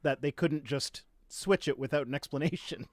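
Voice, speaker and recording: A man hosting a casual podcast chat, telling stories in a sarcastic, animated way with lots of restarts. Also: fairly high pitch, normal speed, dry recording, clean studio sound. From Canada. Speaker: podcast host. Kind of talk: casual chat reacting to tweets.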